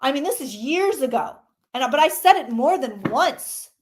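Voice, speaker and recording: A woman reading tarot cards on a casual livestream, chatty and excitable, greeting viewers by name and swearing mildly. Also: high-pitched, moderate pace.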